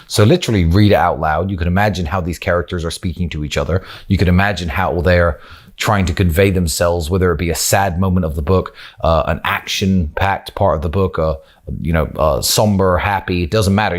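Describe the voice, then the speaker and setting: A man with a British accent giving frank, opinionated advice on speaking and vocabulary, now and then swearing for emphasis. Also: low voice. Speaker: course presenter. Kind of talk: motivational advice talk.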